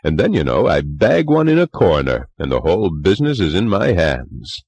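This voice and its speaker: A man's voice: sits low, sing-song, normal speed, darkish tone, slightly rough, no echo, voice pushed up, full character voice. A man reading a story voices a middle-aged clubman who earnestly and wryly tells of a ghost he met. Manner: musing, confiding, wry. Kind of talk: audiobook character reading.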